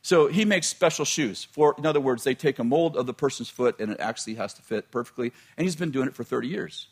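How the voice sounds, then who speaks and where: Husky-voiced middle-aged male pastor. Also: medium pitch, quick pace. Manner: chatty, laughs at his own jokes, breaks off and restarts. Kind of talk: sermon storytelling.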